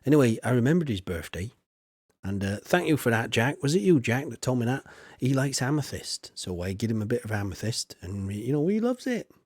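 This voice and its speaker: A man's voice: mid-range voice, lively intonation, a little fast, a little mellow, no echo. Man, game streamer, rambling chat, self-mocking, dry close sound. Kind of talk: casual gameplay chat.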